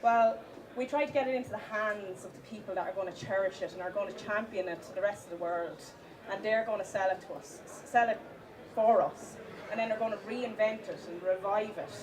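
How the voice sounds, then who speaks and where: Woman presenting at a conference, lots of ums, stretches out her list points, mic kinda far, crowd noise behind. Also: mid-range voice. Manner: filler-heavy, restarts, stresses list items slowly. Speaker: conference speaker. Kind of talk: live talk presentation. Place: conference hall with audience. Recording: distant mic, audience in hall.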